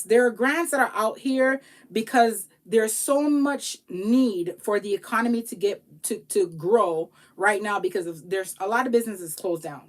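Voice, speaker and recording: A woman tax professional giving casual motivational advice to viewers, animated and pleading, acting out little quoted exchanges. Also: medium pitch. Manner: pleading, repeats herself for emphasis. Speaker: tax professional and business coach.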